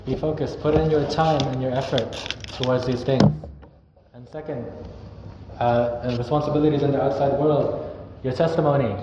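A man's voice: mid-range voice, fairly even intonation, moderate pace. A young man preaching a sermon in an earnest, conversational way, now and then acting out sample greetings. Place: church hall. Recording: echoey, dull hall recording with noise.

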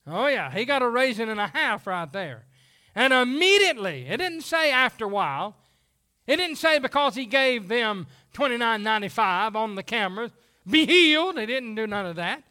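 Pastor, man, very high voice, folksy animated sermon delivery. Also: moderate pace.

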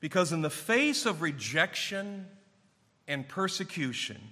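A male pastor delivering a sermon with a high, bright, ringing voice. He presses his points hard, rising in force and then dropping low. A long church-hall reverb trails behind every phrase. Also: very animated, a little slow. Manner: emphatic, building to raised intensity then dropping low.

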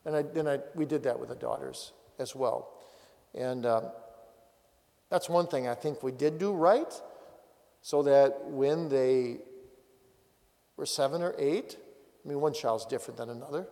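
A man's voice: medium pitch, measured pace, vocal fry, pauses often, warm tone. A man, a pastor, giving a teaching talk on family prayer with direct, practical exhortations. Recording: long hall reverb.

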